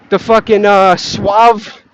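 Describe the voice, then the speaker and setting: A man's voice: high voice, slight background noise. A young man who is stoned, ranting heatedly and swearing as he rambles on a walk outdoors. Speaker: vlogger ranting about markets. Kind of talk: rambling profane rant while walking. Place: outdoors, walking on grass. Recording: dull lo-fi outdoor recording.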